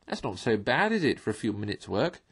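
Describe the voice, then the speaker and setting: A man voicing a boastful, excitable male toad in a storybook reading, loud and blustering. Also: fairly low pitch, brisk, husky, exaggerated voice.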